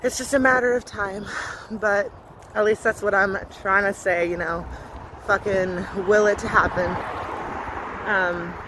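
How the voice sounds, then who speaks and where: A woman in her twenties giving a candid vlog update outdoors, talking fast and loud, blunt and swearing a lot. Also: medium pitch, fairly even intonation. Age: 20s. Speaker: vlogger. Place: outdoors on a windy day. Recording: wind noise on a phone recording.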